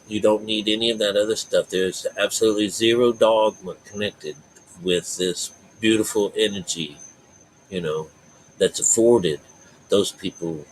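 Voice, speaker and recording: A man's voice: on the low side, fairly even intonation, a little slow, pauses often, a little hiss or hum, rough recording. A man giving a rambling, folksy spiritual talk to his viewers, full of fillers and asides. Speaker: spiritual vlogger.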